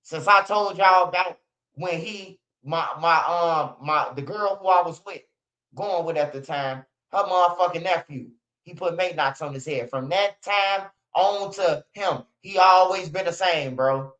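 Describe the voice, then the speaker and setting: Slangy Chicago man, high bright voice. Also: measured pace, muffled recording. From Chicago area. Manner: slangy, repetitive, drawls "bro" and "man" low at line ends. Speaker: commentary channel host. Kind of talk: casual street commentary.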